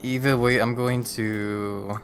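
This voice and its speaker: A man's voice: mid-range voice, fairly even intonation, slow pace, faint music behind. A man casually chatting while playing a game with friends, swearing now and then. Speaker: co-player. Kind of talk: casual gaming chat.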